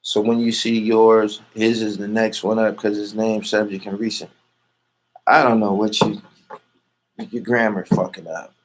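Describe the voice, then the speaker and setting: A man's voice: on the low side, flat delivery, unhurried, slight background noise. A man answering an interviewer in loose, casual street talk. He brags and swears freely and drifts from point to point as he goes. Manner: boastful, profane, rambling.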